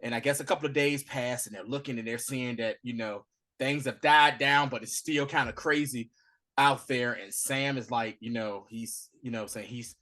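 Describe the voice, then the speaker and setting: A man co-hosting a podcast, giving a casual, animated recap of a TV episode and acting out the characters' lines. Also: mid-range voice, normal speed. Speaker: podcast co-host.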